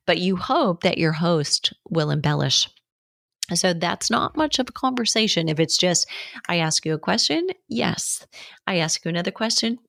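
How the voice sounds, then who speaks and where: A middle-aged woman hosting a solo coaching podcast in a chatty, brisk way, pace shifting as she adds asides. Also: low-pitched, no echo, studio quality. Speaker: podcast host.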